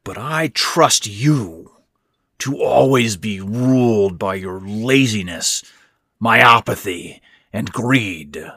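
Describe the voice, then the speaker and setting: A bitter old man with a hoarse, rasping voice , done by a male narrator, scornful toward his stepson. Dry, close sound, unhurried pace. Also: lowish voice, lively intonation, bright, forceful tone, no echo, voice pushed up, full character voice. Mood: insistent. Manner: scornful, insistent. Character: bitter old sick stepfather, wealthy, rasping.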